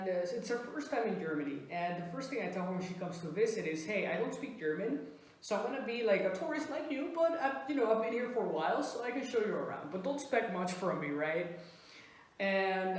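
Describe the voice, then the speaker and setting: A woman from Venezuela, telling a stand-up comedy story and acting out dialogue in animated bursts. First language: Spanish. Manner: animated, acts out dialogue with pitch jumps. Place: small comedy venue. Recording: very echoey room.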